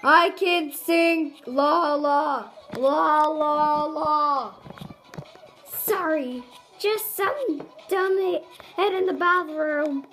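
Turtwig, a performer voicing a squeaky little turtle. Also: slow, full character voice, poor audio. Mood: giddy. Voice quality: squeaky, shrieking exclamations. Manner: giddy, silly, easily startled. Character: excitable, squeaky little turtle creature gaming. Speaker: channel host. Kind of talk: game commentary in character. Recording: game music loud behind voice.

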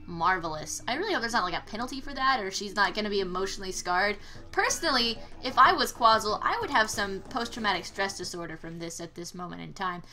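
A woman's voice: medium pitch, animated, fast talker, sharp tone. A young woman giving casual let's-play commentary, exclaiming at failures and trading sarcastic asides with the game. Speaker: gameplay commentator.

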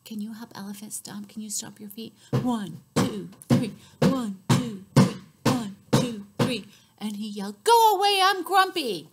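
A woman librarian leading a children's story time, reading aloud with sing-song rhymes, loud cheers and whispered asides. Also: medium pitch, fairly even intonation, measured pace, noisy background.

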